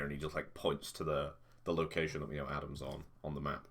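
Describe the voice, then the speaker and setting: A man playing a tabletop game, describing his character's actions in a halting way with many fillers. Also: rumbling low, little pitch movement, a bit bright. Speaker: player. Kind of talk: casual tabletop game play.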